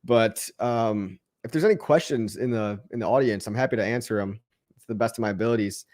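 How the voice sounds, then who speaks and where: A man's voice: fairly low pitch, brisk, darkish tone. A man hosting a livestream and answering chat questions in a casual, upbeat pep talk that rambles and restarts words. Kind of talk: casual motivational rant.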